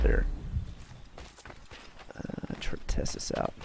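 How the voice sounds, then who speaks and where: A man's voice: mid-range voice, very animated, moderate pace, gravelly, background noise. A man streaming a video game live, talking playfully and muttering to himself as he plays. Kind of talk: live gameplay commentary.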